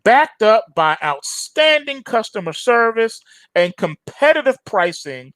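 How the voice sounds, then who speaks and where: High-voiced man lecturing on trading. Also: big pitch swings, a little slow, fairly bright tone, no echo. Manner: emphatic, preachy, slangy and repetitive. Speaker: trading show host. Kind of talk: market commentary monologue.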